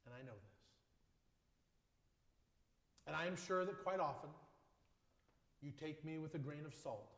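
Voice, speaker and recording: A male pastor delivering a sermon in measured phrases, building on repeated lines and often dropping to a soft voice. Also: a little high, animated. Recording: echoey hall with long reverb.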